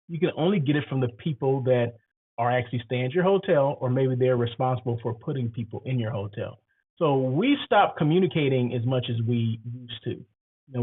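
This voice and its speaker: Man with a catching throat on a tinny line. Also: medium pitch. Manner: conversational, rambling, asks the listener questions. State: throat catching, clearing his throat. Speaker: hotel industry host. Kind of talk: casual advice monologue. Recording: tinny phone-like audio.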